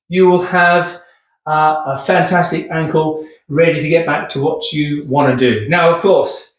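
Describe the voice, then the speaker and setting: A man demonstrating rehab exercises in an upbeat, chatty way, keeps asking okay, getting out of breath. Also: high-pitched. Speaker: physio instructor. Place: room with hard floor. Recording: echoey room, distant mic.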